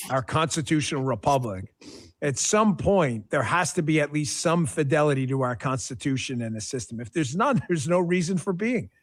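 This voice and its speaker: A man giving emphatic, animated podcast commentary as a political host, full of asides. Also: a little high.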